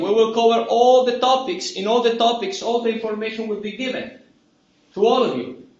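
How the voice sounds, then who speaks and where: A man's voice: sits high, fairly bright tone, echoey room, distant mic, dull audio. A man with an Italian accent giving a university lecture in a chatty way, repeating key words and checking in with "right?". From Italy. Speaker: university instructor. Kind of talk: lecture to a class. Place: lecture hall.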